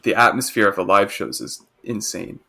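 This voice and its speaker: A man, co-hosting a podcast and excitedly presenting a music artist in casual chat. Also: lowish voice, moderate pace, creaky. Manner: enthusiastic, rambling with restarts.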